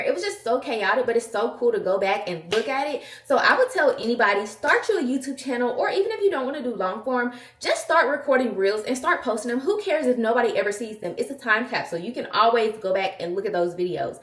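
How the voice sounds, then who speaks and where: A young woman talks to camera in a sassy, emphatic vlog chat. Her voice sits fairly high. The sound carries a roomy echo from inside a car. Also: lively intonation, quick pace, hardly any pauses, fairly bright tone. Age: 20s. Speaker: vlogger.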